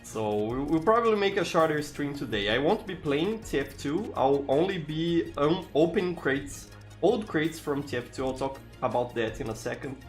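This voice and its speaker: A somewhat high-pitched man speaks at a moderate pace over faint background music. He's a tired Brazilian live streamer with a Brazilian Portuguese accent, chatting casually, greeting viewers by name, and often restarting his sentences in a relaxed way.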